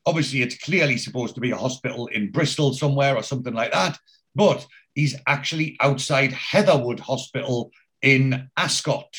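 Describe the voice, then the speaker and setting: A man's voice: medium pitch, normal speed, a bit bright. A man, casually recapping a TV episode as a podcast host, telling it in a rambling way with many fillers.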